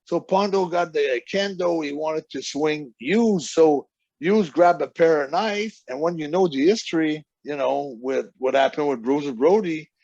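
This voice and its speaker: A man's voice: on the high side, a little slow, vocal fry, darkish tone, dry recording, lo-fi sound. A man, a wrestling guest telling long rambling stories in a casual interview, acting out the people he quotes. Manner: rambling anecdotes with quoted voices.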